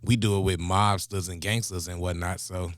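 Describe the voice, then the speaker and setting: A man hosting a music reaction show in casual chat, laid-back and chuckling, giving shout-outs. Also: sits low, fairly even intonation, normal speed, no room sound, studio quality.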